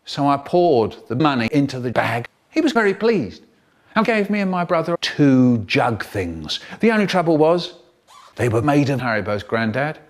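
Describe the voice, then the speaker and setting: A man telling spliced comic stories in an animated way, jumping between voices. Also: mid-range voice, normal speed. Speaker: storyteller.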